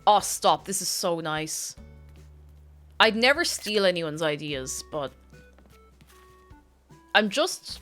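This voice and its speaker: A woman streaming a video game, chatting casually and gushing, often dropping into excited whispers. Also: on the low side, slow, pauses often, soft background music.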